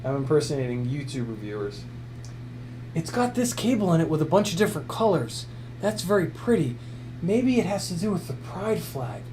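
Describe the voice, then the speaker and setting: A man playing a clueless, oblivious gadget reviewer who talks about a product in a silly, mock-naive way. He sounds like he knows nothing and takes things at face value. His voice sits a little high for a man. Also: big pitch swings, normal speed, mellow, slight background noise.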